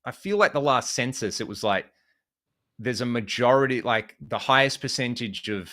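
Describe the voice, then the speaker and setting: A man's voice: mid-range voice, animated, moderate pace, fairly bright tone. An Australian man from Western Australia, chatting casually as a podcast guest, rambling with lots of fillers and restarts. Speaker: podcast guest, guitar video creator. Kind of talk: casual chat.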